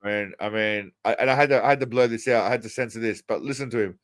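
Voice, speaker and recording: A man's voice: fairly low pitch, quick pace, dry recording, faint music behind. A man hosting a casual livestream, commenting on clips in a crude, mocking, rambling way. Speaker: livestream host.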